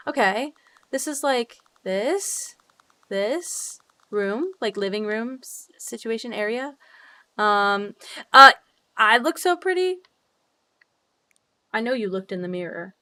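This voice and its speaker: A young woman streamer chatting casually with her viewers while decorating in a game, bubbly and quick to swear. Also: mid-range voice, bright, forceful tone. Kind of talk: casual live-stream chat while gaming.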